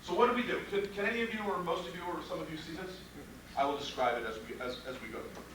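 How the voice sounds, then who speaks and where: A man's voice: high voice, big pitch swings, rapid-fire, noisy background. A man teaching trial lawyers in a live workshop, blunt and profane, firing off rhetorical questions. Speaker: criminal defense trial instructor. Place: training room with audience. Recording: echoey room from a distance.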